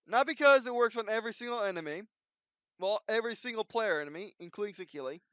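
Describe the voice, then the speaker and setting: A man with a high, clean, smooth voice talks unscripted, circling back on himself with restarts and "um"s. The recording is dull and lo-fi but dry, with no room sound. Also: expressive, fast, a bit bright, dry recording. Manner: rambling, many restarts and fillers. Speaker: video host. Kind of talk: unscripted casual commentary.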